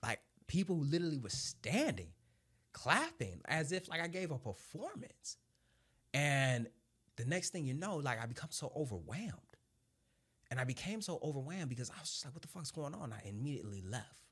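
A young man with a mid-pitched voice telling his story in a lively, unscripted way. He swears easily and laughs often, then softens his voice when he gets reflective. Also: moderate pace, slightly rough. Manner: animated, swears freely, laughs through his stories; drops low and quiet at reflective moments. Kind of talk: casual storytelling.

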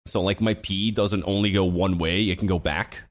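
Low-voiced young man telling stories. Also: steady tone, normal speed. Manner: rambling, swears a lot, many fillers. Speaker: podcast co-host. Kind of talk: casual chat, storytelling.

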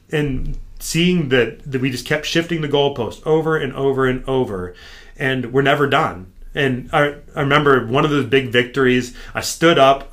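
An American man, a podcast guest, telling his story in casual chat and acting out what his trainer told him. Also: medium pitch. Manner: animated, acts out his trainer's lines.

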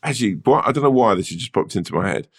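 Deep-voiced male podcast co-host, animated swearing storyteller. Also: very fast, vocal fry, music in the background. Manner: animated storyteller, swears freely, laughs often. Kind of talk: casual chat.

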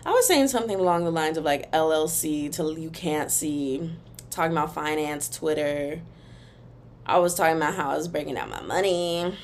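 There's a little hiss or hum behind this young woman's low-pitched voice as she rants casually on her podcast at a moderate pace. Animated and expressive, she sings snippets and keeps saying "girl" and "y'all" to listeners.

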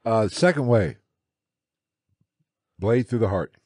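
A man's voice: lowish voice, animated, slow pace, a little mellow, breathy edge, dry recording, clean studio sound. A man hosting a casual podcast, explaining things step by step and laughing along. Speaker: podcast host.

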